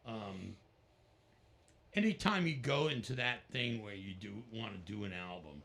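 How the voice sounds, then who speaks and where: A man's voice: on the low side, unhurried, gravelly, pauses often. A middle-aged man and guest musician who tells stories in a casual interview, acting out other people's voices. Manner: animated storyteller, acts out the voices of others.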